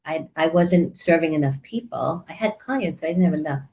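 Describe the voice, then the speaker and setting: A woman in her sixties, a therapist and coach, chatting as a guest and telling her story with animated warmth and frequent laughter. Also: deep voice, brisk. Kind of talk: casual conversational interview.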